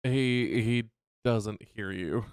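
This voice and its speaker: A man's voice: lowish voice, takes it slowly, clear, resonant tone, no echo, studio quality. A man narrating a tabletop role-playing game as game master, describing scenes in a hesitant, descriptive way with frequent restarts.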